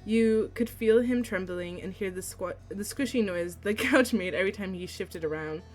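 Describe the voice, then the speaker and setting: Woman streamer reading a visual novel out loud, giggly and excitable, faint game music behind. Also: medium pitch, moderate pace. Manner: excitable and giggly, breaking into squealing reactions between read passages. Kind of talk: reading a visual novel aloud with live reactions.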